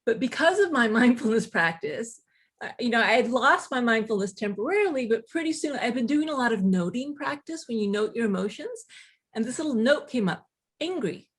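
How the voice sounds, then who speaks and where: A woman guest author telling stories in casual conversation, animated, with quick asides and laughter. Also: a little high, husky.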